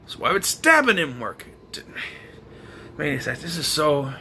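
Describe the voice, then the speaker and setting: A man's voice: a little high, big pitch swings, normal speed, noisy background. A young man reviewing a film in a casual video, talking in an exasperated, sarcastic rant. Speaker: movie reviewer.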